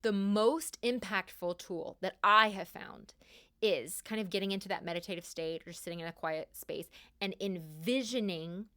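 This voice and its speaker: A young woman hosting a podcast, giving casual spiritual advice in an emphatic, animated way and repeating key words for stress. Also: mid-range voice, moderate pace. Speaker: podcast host.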